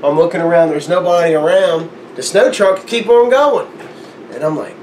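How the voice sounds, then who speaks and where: A man's voice: sits high, moderate pace, a little hiss or hum. A man casually telling a long story, acting out the voices in it and laughing often. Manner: animated, acts out quotes, laughs often. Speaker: guest storyteller.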